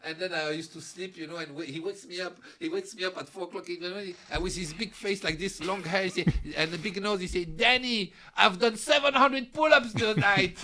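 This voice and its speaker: Pitched high and talking quickly with hardly a pause, this male podcast guest tells animated, casual stories, frequently laughing and dropping into character voices. A little hiss or hum can be heard.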